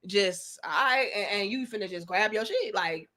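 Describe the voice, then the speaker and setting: A woman with a medium-pitched voice speaks at a normal pace while hosting a casual livestream. She reads comments from chat and hands out blunt, profane, animated advice.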